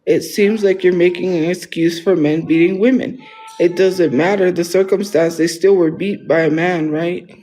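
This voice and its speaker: A man's voice: high voice, steady tone, moderate pace, mellow, soft background music, low-quality recording. A man talking casually on a livestream, rambling and defensive, often restarting his sentences.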